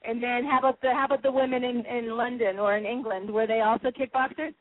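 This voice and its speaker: A woman hosting a radio show who interviews a guest in a chatty, animated way and laughs often. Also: on the high side, quick pace, no room sound. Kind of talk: phone interview. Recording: tinny phone line.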